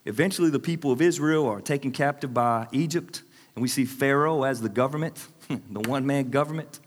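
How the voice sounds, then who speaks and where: Speaking briskly in a mid-range voice, a forties-aged pastor preaches to a congregation in a church hall where the reverb lingers. His sermon is lively, built on humorous storytelling punctuated by frequent laughter.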